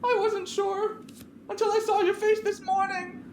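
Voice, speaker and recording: A woman's voice: very high-pitched, level tone, measured pace, a little mellow, echoey room, a little hiss or hum, pitched above the performer's own voice. Woman doing a shrieking, sobbing young woman. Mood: accusing. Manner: screaming through tears. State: crying.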